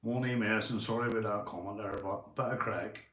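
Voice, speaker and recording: A Northern Irish man live-streaming from home, chatting casually, swearing and giving shout-outs to his viewers. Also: fairly low pitch, fairly even intonation, fairly quick, reverberant. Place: indoors at home.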